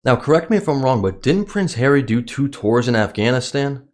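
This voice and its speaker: A man's voice: mid-range voice, lively intonation, a little fast. A man giving sarcastic commentary in a vlog, reading news excerpts aloud and mocking them. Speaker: commentary vlogger.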